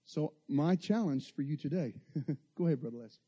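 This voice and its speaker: A man preaching a sermon, telling stories and building to impassioned, loud peaks. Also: a little high, moderate pace, husky, highs cut off.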